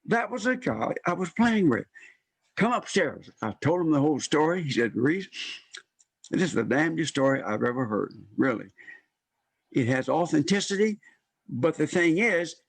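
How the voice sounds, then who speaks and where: Older man, husky voice, slightly high pitch, lively personal storytelling, voices quoted people, dry close sound. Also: normal speed, no echo. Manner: animated, acts out quoted voices. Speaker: guest storyteller.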